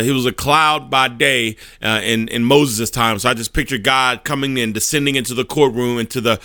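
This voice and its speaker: Emphatic bright-voiced male preacher. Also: mid-range voice, dry recording, studio quality. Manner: storytelling, repeats words, emphatic. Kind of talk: sermon.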